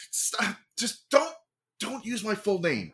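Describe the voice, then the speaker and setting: A game master voicing an excitable, clingy young man who gushes and repeats himself in a tabletop game. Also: medium pitch, takes it slowly, pitched above the performer's own voice. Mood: indignant. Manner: gushing, breathless repeating.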